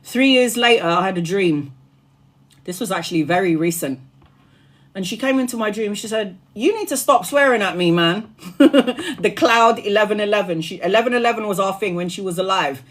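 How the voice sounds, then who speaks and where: A woman's voice: medium pitch, a little fast. Chatty swearing woman on a live stream. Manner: chatty and animated, laughs often, swears freely. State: tired after hours live. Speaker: tarot reader streaming live. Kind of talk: casual live-stream chat.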